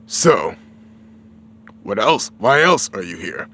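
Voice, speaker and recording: A man voicing a big, gruff middle-aged male king with a booming, probing manner. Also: big pitch swings, takes it slowly, pushed and bright, full character voice. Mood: questioning.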